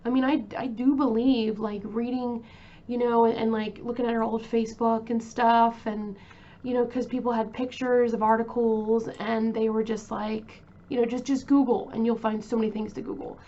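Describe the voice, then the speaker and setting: A woman's voice: on the high side, flat delivery, moderate pace, dark tone, dull audio. A woman hosting a true crime channel, talking casually and emotionally about a case, with many fillers and restarts.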